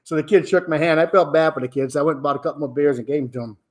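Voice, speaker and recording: Brief: man in his sixties, loud, profane, casual storyteller with a fairly high voice. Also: rapid-fire. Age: 60s. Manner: rowdy, profane, laughing storyteller. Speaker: podcast regular telling a story.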